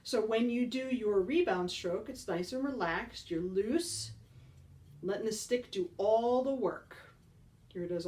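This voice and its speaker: Woman, band teacher, upbeat, encouraging, higher voice, slightly distant mic. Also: darkish tone. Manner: upbeat, encouraging, counts beats aloud. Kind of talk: beginner percussion lesson.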